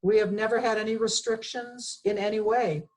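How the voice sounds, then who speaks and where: A woman's voice: medium pitch, steady tone, moderate pace, a little mellow, poor audio. A woman from Texas, reading constitutional text aloud and commenting on it in a plainspoken, emphatic way with frequent fillers. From Texas, USA. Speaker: presenter on the Bill of Rights.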